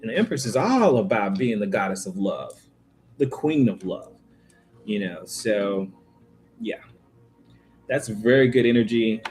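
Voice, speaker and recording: A man's voice: fairly low pitch, expressive, measured pace, pauses often, darkish tone, faint music behind. A man giving a casual, informal tarot reading to his viewers, chatty and full of slangy asides. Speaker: tarot reader.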